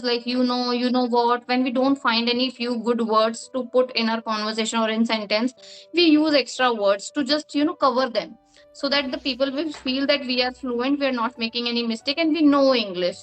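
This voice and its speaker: A woman with a high voice answers questions in a relaxed, chatty way. Her first language is Hindi, and she explains each point at length, often using "like" as a filler. Faint music plays under her speech. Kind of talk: casual interview answers.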